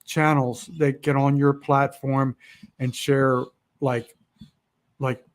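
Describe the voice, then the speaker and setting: A man's voice: mid-range voice, flat delivery, slow pace. A man around sixty, a podcast guest, talking bluntly and emotionally about feeling hopeless. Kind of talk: candid interview talk.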